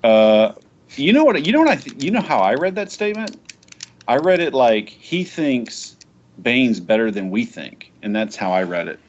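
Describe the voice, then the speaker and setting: A man hosting a casual gaming podcast, talking in a rambling, profane and excitable way. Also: mid-range voice, normal speed, highs cut off. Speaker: podcast host.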